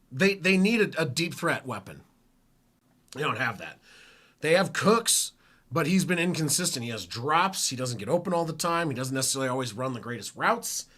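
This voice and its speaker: Bright-voiced man chatting sports live. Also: mid-range voice. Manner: rambling, self-correcting, chatty. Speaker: sports stream host. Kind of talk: casual live play-by-play reaction. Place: at home.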